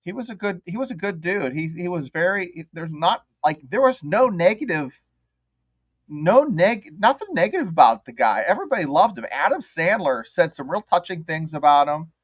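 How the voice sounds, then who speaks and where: A man's voice: high voice, very animated, moderate pace, no echo. A man co-hosting a podcast, rambling through his points with many restarts. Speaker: podcast co-host. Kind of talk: casual chat.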